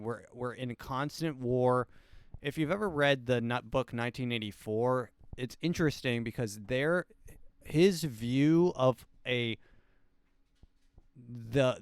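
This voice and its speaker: Smooth-voiced young man rambling on. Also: medium pitch, no room sound. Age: 20s. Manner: rambling, hesitant, deadpan jokes. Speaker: podcast host. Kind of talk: casual solo commentary.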